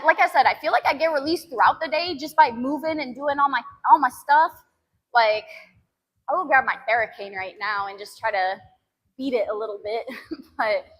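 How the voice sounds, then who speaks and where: A woman's voice: high voice, fairly bright tone, long reverb tail. A woman in her twenties, a fitness streamer, chatting casually with live viewers from a gym, laughing often and groaning at sore muscles. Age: 20s.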